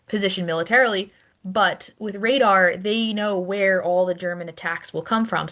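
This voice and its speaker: A woman's voice: fairly low pitch, a bit bright. A woman teaching a recorded history lecture in a conversational way, often restarting and repeating words as she goes.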